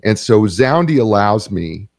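A man's voice: lowish voice, a little slow, no echo, clean studio sound. A man hosting an interview show, introducing his guest and reading a sponsor spot, with plenty of ums and uhs. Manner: relaxed, many filler ums and uhs. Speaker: radio show host. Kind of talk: show host talk with sponsor read.

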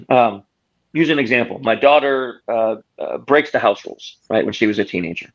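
A man's voice: mid-range voice, moderate pace, creaky. Man telling stories, slightly dull sound. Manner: explains with stories and acted quotes. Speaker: guest author. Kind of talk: conversational interview.

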